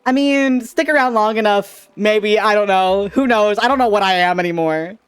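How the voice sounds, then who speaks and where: A man's voice: high-pitched, normal speed, clear, resonant tone, no echo, faint music behind. A young man streaming as a VTuber, chatting casually in a giggly, rambling, playful and self-teasing way. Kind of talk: casual livestream chat.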